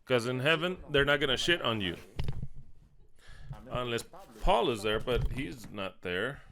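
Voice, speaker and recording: A man's voice: medium pitch, expressive, unhurried, creaky, bright, forceful tone. A man preaching an informal sermon in a conversational way, often acting out what people say. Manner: conversational, acts out quoted speech with repeated lines.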